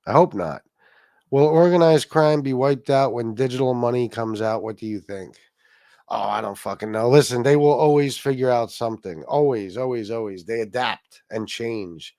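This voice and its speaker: Male livestream host, rambling and profane, mid pitch, dry room. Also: normal speed, a little mellow, dry recording. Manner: rambling, swearing, reads chat aloud. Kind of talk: casual profane livestream chat.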